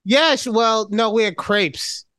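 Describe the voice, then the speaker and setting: A woman's voice: a little high, unhurried, a bit bright, no room sound. A woman co-hosting a podcast in casual chat, teasing her friend and mimicking voices. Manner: playful, teasing, with exaggerated mimicry. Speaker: podcast co-host.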